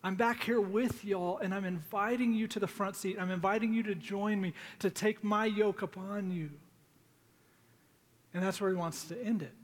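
A middle-aged man preaching a sermon, telling stories in a conversational way and slowing down to plead. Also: sits high, fairly even intonation. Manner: conversational storytelling with pleading, dramatic pauses. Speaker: pastor.

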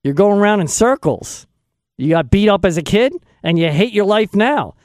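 A man's voice: sits high, lively intonation, moderate pace, a little mellow, no room sound, clean studio sound. A man hosting a talk podcast, rambling in a folksy, casual way. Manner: rambling, folksy, plugs products. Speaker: podcast host. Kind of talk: casual talk show monologue.

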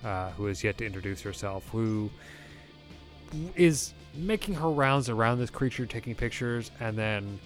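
A man narrating as game master of a tabletop game, relaxed and halting with frequent fillers. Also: fairly low pitch, faint music behind.

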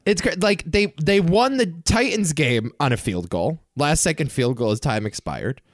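A man's voice: on the high side, big pitch swings, normal speed, no echo, studio quality. A man hosting a casual podcast chat, teasing his co-hosts and laughing often.

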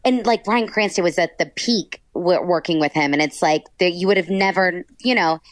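In this casual interview, a female voice actor from Texas speaks at a normal pace with a lowish voice and no echo. Her manner is bubbly and gushy, packed with the word "like."

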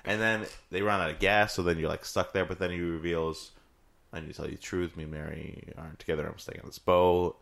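Talking a little fast, this co-host has a low-pitched, creaky, slightly bright voice with a steady tone. He swears through a casual video game chat and performs lines in goofy voices.

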